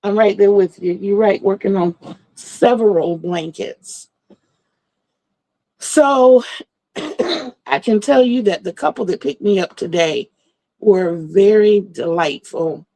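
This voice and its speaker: A woman's voice: mid-range voice, lively intonation, slow pace, pauses often, warm tone, low-quality recording. A middle-aged woman hosting a livestream, chatting in a rambling, storytelling way and greeting viewers. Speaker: livestream host. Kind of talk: casual livestream chat.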